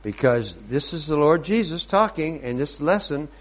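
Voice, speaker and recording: A male preacher tells a story from the pulpit, and his voice rises and falls a lot as he stresses each point. His tone is slightly husky. The recording is dull and lo-fi. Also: a little high, moderate pace. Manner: storytelling, lively and emphatic. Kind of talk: sermon.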